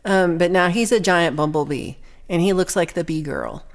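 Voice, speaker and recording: A woman's voice: lowish voice, normal speed. A young woman chatting casually with her livestream viewers, reading their comments aloud in a rambling, playful way with lots of ums and little laughs.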